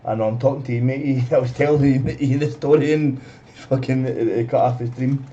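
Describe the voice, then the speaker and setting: A man's voice: medium pitch, fairly even intonation, a little fast, mellow. A man gaming on a live stream, telling a rambling story, swearing and calling everyone "mate". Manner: rambling, swears often, says "mate" constantly. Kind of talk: casual storytelling while streaming. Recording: dull lo-fi, off-mic, noisy.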